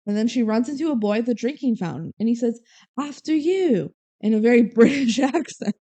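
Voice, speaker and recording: A young woman co-hosting a podcast recaps a movie in casual chat, giggling and quoting scenes in small acted voices. Her voice is a little high and warm, and she talks fast.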